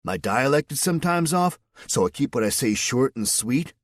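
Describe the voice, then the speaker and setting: A man's voice: medium pitch, moderate pace, dry recording, studio quality, voice pushed up, lightly acted. Man doing a laid-back surfer-dude soldier. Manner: relaxed surfer drawl.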